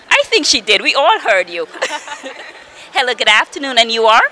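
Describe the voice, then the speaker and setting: A woman TV interviewer with a slightly high, bright voice asks upbeat questions on location at an airport. She sounds friendly and laughs often, with faint ambient noise behind her. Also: very animated, normal speed, poor audio. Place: airport arrivals area.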